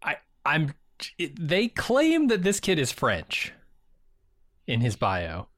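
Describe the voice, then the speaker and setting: A man's voice: a little high, wildly swooping pitch, takes it slowly, a bit bright, no echo. A man co-hosting a podcast, chatting casually with dry, skeptical remarks. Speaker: podcast co-host. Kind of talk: casual chat.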